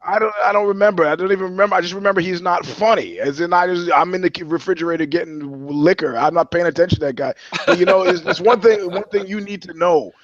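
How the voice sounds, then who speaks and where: A man's voice: high-pitched, fast, dry recording. Podcast co-host, man, crude comic storyteller, dry and slightly dull mic. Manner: animated, swearing, acts out voices in anecdotes. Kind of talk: profane comedic storytelling.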